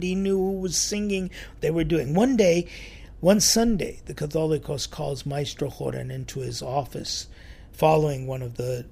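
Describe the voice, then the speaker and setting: A man telling a church story in a sermon, lively and acting out the quoted voices. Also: on the high side, gravelly. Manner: animated storyteller, acts out quotes.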